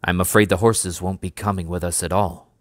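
A man voicing a stiff, reluctant army major who speaks quietly but firmly, in a storybook reading. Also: deep voice, fairly even intonation, a little fast, dry recording.

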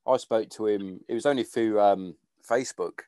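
A man hosting a podcast, speaking in a fairly low voice on a dry, close recording. He talks loosely and swears freely, and often trails off mid-thought. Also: normal speed, warm tone, no echo. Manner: informal, swears casually, trails off. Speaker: podcast host. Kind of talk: casual conversation.

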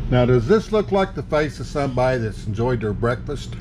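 A man's voice: medium pitch, very animated, brisk, darkish tone, slight background noise. A man talking to his little son at home, doting and coaxing in a folksy way. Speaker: vlogger, father. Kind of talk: casual family vlog.

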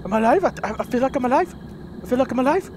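A man's voice: extremely high pitch, expressive, rapid-fire, noisy background. A young man doing let's play commentary through a horror game, panicking, swearing and repeating himself. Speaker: gaming video host.

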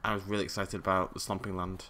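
A man giving casual, jokey commentary over a survival game, prone to sudden startled yelling. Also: deep voice, little pitch movement, fast talker. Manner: chatty, jokey, yells when startled. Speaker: gaming YouTuber.

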